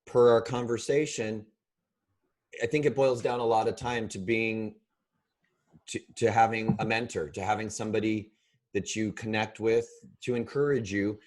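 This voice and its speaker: A man's voice: fairly low pitch, steady tone, normal speed, a little mellow. A man co-hosting a podcast who keeps cutting in with questions and teasing remarks in a casual chat. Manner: teasing, interjecting interviewer. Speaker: podcast co-host.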